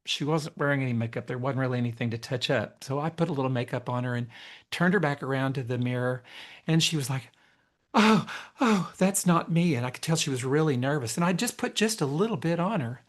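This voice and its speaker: A man hosting a podcast interview, talking expressively, telling stories and laughing easily. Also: mid-range voice. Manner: expressive, storytelling, quick to laugh. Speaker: podcast host. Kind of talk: conversational interview.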